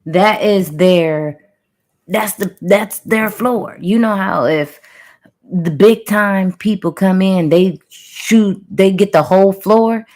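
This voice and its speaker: A woman's voice: medium pitch, slow, darkish tone. A woman reading a channeled story to her viewers in casual chat, with playful sound-effect words tossed in. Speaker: spiritual reader telling a channeled story.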